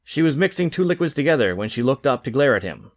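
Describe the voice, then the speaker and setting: Male narrator for comic fiction, animated reading, dry sound. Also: mid-range voice, fast talker, no room sound. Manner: lively, expressive reading. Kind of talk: audiobook narration.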